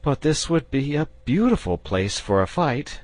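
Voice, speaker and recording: A man's voice: mid-range voice, sing-song, a little slow, no room sound, pitched above the performer's own voice. A man voicing a confident, patient male knight who speaks persuasively and earnestly.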